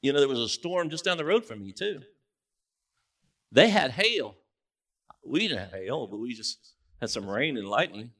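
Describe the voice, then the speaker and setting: A man preaching a sermon as pastor in a church, in a relaxed conversational way with joking asides. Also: medium pitch, moderate pace, pauses often. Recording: distant mic in a church.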